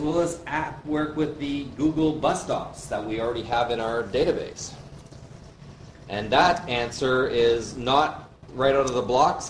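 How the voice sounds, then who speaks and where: A man co-hosting a live question-and-answer session, reading out questions in a relaxed way. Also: mid-range voice. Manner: relaxed, laughs between remarks. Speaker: co-host relaying online questions. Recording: echoey room with faint noise.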